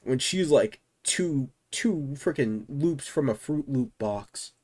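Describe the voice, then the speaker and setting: A man casually telling a storytime, slangy and emphatic, with loud exasperated outbursts. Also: medium pitch, lively intonation, slow pace.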